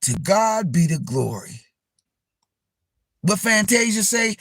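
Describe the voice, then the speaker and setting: A man hosting a live stream, giving a casual, preachy rant to his viewers, swearing freely and dropping gospel phrases, swinging between shouts and low asides. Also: big pitch swings, takes it slowly, pauses often, no echo. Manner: uses profanity and gospel phrases. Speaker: livestream host.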